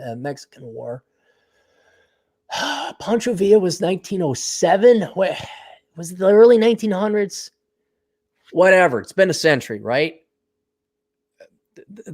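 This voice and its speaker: Solo podcast host, middle-aged male, freshly awake; sardonic, profane rant with an animated, rather high-pitched voice. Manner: blunt, profane, sardonic, laughs at own jokes. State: just woken up. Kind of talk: casual solo podcast rant, reading listener donations.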